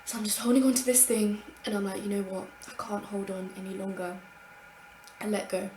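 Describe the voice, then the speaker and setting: A young woman telling an embarrassing story from childhood to camera, animated and swearing freely as she acts out her own thoughts. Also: mid-range voice, fairly quick, reverberant, slight background noise. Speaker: vlogger. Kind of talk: casual storytime monologue.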